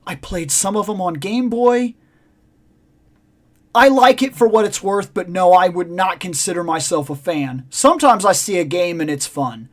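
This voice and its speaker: Rambling podcast co-host, mid-pitched. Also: expressive. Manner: rambling storyteller, drawn-out emphasis. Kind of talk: casual chat.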